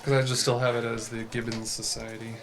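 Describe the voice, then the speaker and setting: A man's voice: medium pitch, little pitch movement, fairly quick, creaky. A man playing a tabletop game, chatting in an easygoing way and laughing often. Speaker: player.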